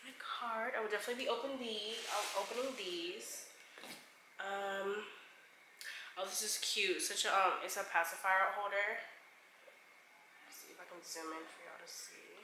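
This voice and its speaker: Bright-voiced young woman gushing over gifts. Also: medium pitch, steady tone, moderate pace, long pauses, reverberant, slight background noise. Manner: gushing, chatty, addresses viewers as y'all. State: expecting a baby. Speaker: vlogger showing baby shower gifts. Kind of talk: casual haul vlog.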